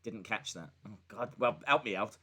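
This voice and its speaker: Speaking at normal speed in a fairly low, husky voice that's expressive, pushed and bright, a man runs a casual live stream reacting to wrestling and reading chat. He's rambling and chatty, with many fillers and restarts, joking back at viewers and a voice assistant.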